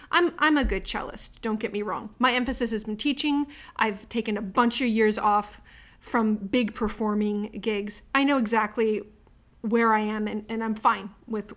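A woman's voice: medium pitch, a bit bright. A woman who teaches cello, talking casually and thoughtfully with a colleague. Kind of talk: casual chat between colleagues.

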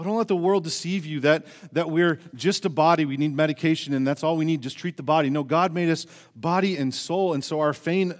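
Earnest preaching man in reverberant church. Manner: earnest preaching with rhetorical questions to the congregation; swings between raised emphasis and hushed low delivery. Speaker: pastor. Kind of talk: sermon. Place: church sanctuary. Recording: church sermon with long hall reverb.

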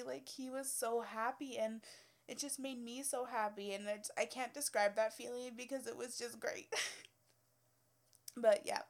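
A young woman tells stories from her work in a casual, unscripted way. Her voice sits slightly high. She is blunt and profane and fills her talk with filler words. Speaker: cosmetology student telling work stories. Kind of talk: casual storytelling.

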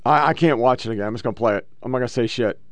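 A man's voice: mid-range voice, rapid-fire, slight background noise. A middle-aged man hosting a casual, profane commentary show, bluntly lecturing about the clips he plays. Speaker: podcast host reacting to clips.

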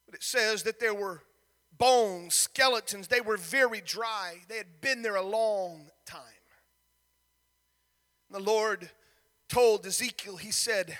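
A male pastor preaching a sermon, rising into shouted, sing-song cadences. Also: high-pitched, slow pace, pauses often, big-room sound.

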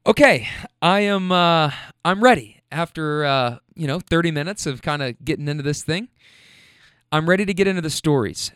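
A man's voice: a little high, a bit bright, clear, resonant tone, no room sound, studio quality. Casual man telling stories, laughing often. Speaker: rideshare driver and storyteller. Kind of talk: casual storytelling.

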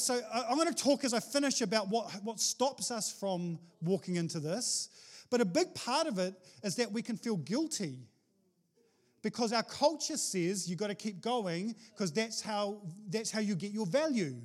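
A man preaching a sermon as pastor, animated and jokey, with sudden exclamations to the congregation. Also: high voice, moderate pace.

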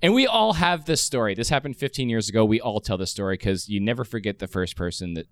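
A man's voice: fairly low pitch, lively intonation, fast, no echo. A man in his forties telling a long anecdote in casual chat, rambling with many restarts and fillers.

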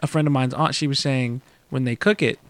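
A man's voice: medium pitch, fairly even intonation, brisk, smooth, no echo. A man co-hosting a podcast in laid-back, casual chat, swearing freely.

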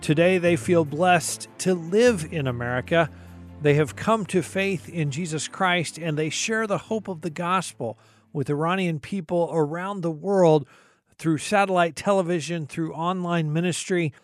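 A man hosting a faith broadcast, introducing his guest in a smooth, polished style. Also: on the high side, unhurried, faint music behind. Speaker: host. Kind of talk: scripted intro and interview.

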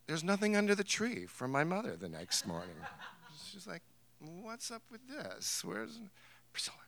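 A man's voice: on the high side, pushed and bright, clear, resonant tone. A man from New Hampshire telling a wry, amused family story to a live theater audience. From New Hampshire, USA. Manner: wry, amused, laughs through his story. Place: theater stage.

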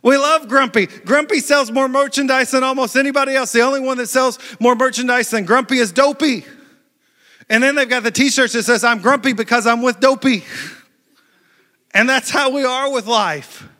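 A man preaching a lively, playful sermon to a church crowd on a handheld mic. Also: very high-pitched, normal speed. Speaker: pastor. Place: large church hall. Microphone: handheld microphone. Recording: echoey church hall.

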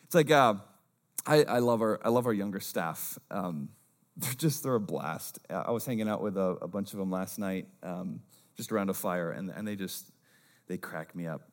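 A man, a young-adult pastor, preaching a casual sermon, dropping low and quiet for asides and rising loud for emphasis. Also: moderate pace.

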